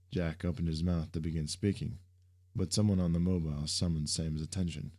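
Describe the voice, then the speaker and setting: A man with a deep, dark-toned voice reads a story aloud. He narrates at a steady storytelling pace, and his delivery stays mellow and even. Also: normal speed. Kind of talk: audiobook narration.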